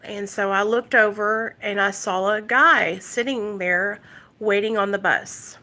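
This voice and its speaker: A woman's voice: mid-range voice, fairly even intonation, measured pace, pushed and bright. A woman from Arkansas telling an emotional story on her recovery vlog and talking straight to her viewers. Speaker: recovery vlogger.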